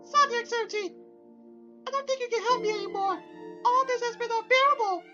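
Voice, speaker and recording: A woman voicing a distraught young schoolgirl who speaks quietly through sobs, in a visual novel. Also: very high voice, brisk. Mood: despairing. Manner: sobbing, quiet and pleading. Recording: dull lo-fi game audio over music.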